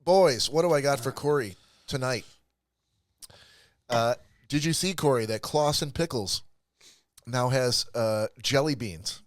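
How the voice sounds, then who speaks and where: A man's voice: medium pitch, measured pace, pauses often, no echo, studio quality. Upbeat man hosting a podcast. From Michigan. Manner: upbeat, laughing, emcee-style. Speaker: podcast host. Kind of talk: casual comedic podcast chat.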